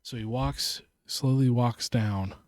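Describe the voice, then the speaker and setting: A man's voice: mid-range voice, slow, darkish tone, no echo. A man co-hosting a podcast in casual chat, animatedly retelling a film scene, swearing and acting out the lines. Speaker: podcast co-host.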